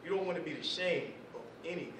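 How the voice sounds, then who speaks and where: Speaking fast in a high-leaning voice, a man runs an informal lecture for a small civic class in an indoor meeting room, mixing street slang with a few scripture quotes. A distant camera mic picks him up from across the echoey room, and the recording is noisy.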